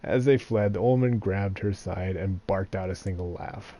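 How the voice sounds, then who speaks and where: A man's voice: low voice, moderate pace, warm tone. Man reading a story aloud on stream. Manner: plain narration broken by laughing, joking comments. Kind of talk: live reading with casual asides.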